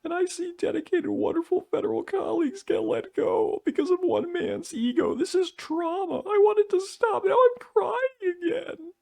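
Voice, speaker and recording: A man voicing a tearful, anxious federal office worker in a mocking, self-pitying falsetto. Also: very animated, moderate pace, creaky, few pauses, a little mellow, heavily acted. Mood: weepy.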